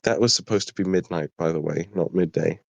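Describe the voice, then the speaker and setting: Tired, low-voiced British man reading a story. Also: fairly quick, vocal fry, dry recording. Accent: southern English. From Britain. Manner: apologetic, chatty asides. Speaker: streamer reading his own story. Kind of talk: live story reading and chat.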